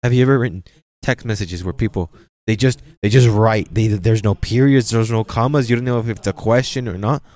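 A pastor giving a sermon in church, preaching with energy and sprinkling in frequent amens and repeated phrases. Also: male voice, lowish voice, brisk, a little mellow. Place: church sanctuary.

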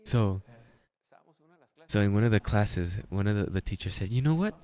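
Lively, laughing preacher man, lowish voice. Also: normal speed. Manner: lively, laughing anecdotes with frequent restarts. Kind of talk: storytelling sermon.

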